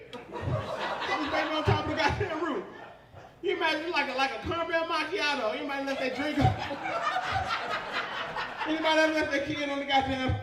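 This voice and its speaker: Young male stand-up, very high voice, crowd-baiting, roomy distant club sound. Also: very noisy. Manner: profane, rambling, crowd-baiting. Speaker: stand-up comedian. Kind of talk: live stand-up comedy. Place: comedy club stage. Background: audience laughter.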